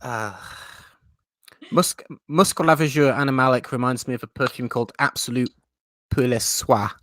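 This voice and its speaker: A man's voice: medium pitch, a little fast, fairly bright tone, dry recording, clean studio sound. A man hosting a live stream chat, talking in a chatty, self-mocking way and laughing often. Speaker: host.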